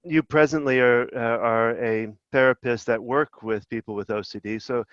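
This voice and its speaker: Male interviewer, hesitant and soft-spoken, lo-fi dry audio. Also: medium pitch, fairly even intonation, normal speed, no echo. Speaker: podcast host.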